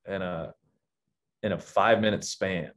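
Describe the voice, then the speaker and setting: A man's voice: low-pitched, fairly even intonation, unhurried, a bit bright. A man talking as a podcast guest, candid and reflective, often restarting his sentences. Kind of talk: casual podcast chat.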